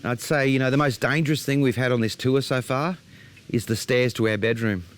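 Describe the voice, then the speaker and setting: A man's voice: medium pitch, steady tone, fairly quick, slight background noise. An Australian man, a show host, casually recounting a trip to camera in a rambling storytelling way.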